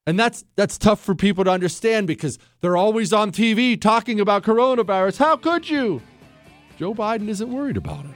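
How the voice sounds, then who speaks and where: A man's voice: sits high, fast, hardly any pauses, no echo, faint music behind. A man hosting a talk show, delivering an emphatic, combative, teasing opinion monologue into a studio microphone. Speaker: radio talk show host.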